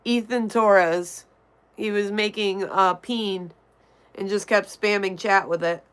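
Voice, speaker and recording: A woman's voice: medium pitch, steady tone, slow, fairly bright tone, clean tone. A woman streamer reading her chat aloud and answering it bluntly and offhandedly, vaping between remarks. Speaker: livestreamer. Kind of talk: casual chat reading viewer comments.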